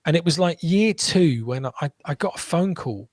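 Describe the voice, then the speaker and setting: A man telling stories as an interview guest, animated, with quick restarts, and acting out what people said. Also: on the high side, no echo. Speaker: guest entrepreneur. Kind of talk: casual interview storytelling.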